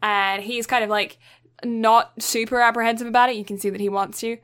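A woman's voice: a little high, steady tone, a little fast, a bit bright. A young woman co-hosting a podcast, retelling a film's plot in a chatty, casual way with lots of fillers. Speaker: podcast co-host. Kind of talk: casual film recap.

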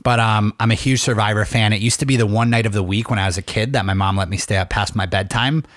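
A man's voice: lowish voice, fairly even intonation, quick pace, a bit bright, dry recording, studio quality. A man in his twenties co-hosting a podcast, rambling and joking in casual chat. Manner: rambling, self-interrupting, joking. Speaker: podcast co-host.

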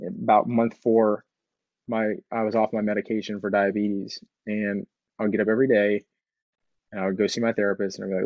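Earnest guy giving a motivational talk, kinda low voice, repeats stuff for emphasis, dull-ish audio. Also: level tone, fairly quick, no room sound. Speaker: speaker sharing recovery story.

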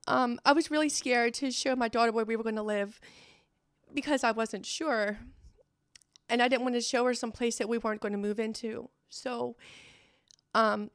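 Gravelly-voiced woman telling a tearful story. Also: a little high, no room sound, clean studio sound. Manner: halting, tearful storytelling with many fillers. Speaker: guest sharing her testimony. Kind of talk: emotional personal story.

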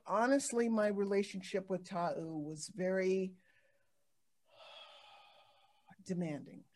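A woman hosting a casual talk show, telling stories in an animated way with many restarts and fillers. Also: medium pitch. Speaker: podcast host. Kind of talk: casual chat.

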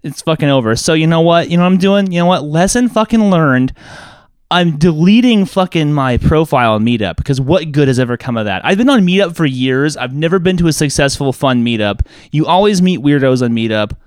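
A man's voice: a little high, expressive, a little fast, clear, resonant tone, no echo, studio quality. A man co-hosting a casual chat show, ranting with lots of profanity and mocking the people he quotes. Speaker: podcast co-host.

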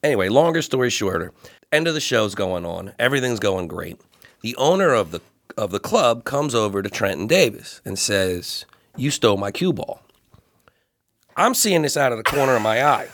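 Animated man telling a comedy road story. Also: mid-range voice, fairly quick. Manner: animated, acts out voices in his stories. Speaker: guest comedian. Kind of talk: storytelling on a podcast.

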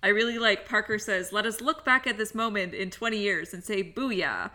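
A woman's voice: mid-range voice, normal speed, sharp tone. A woman co-hosting a podcast, chatting enthusiastically through an episode recap, laughing often and acting out the characters' lines. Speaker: podcast co-host. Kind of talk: casual episode recap chat.

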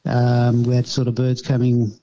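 A man's voice: medium pitch, completely flat delivery, normal speed, dark tone, lo-fi sound. A man, chatting casually about his pigeon racing in a rambling, hesitant way with many fillers. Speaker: pigeon racer. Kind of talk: casual chat.

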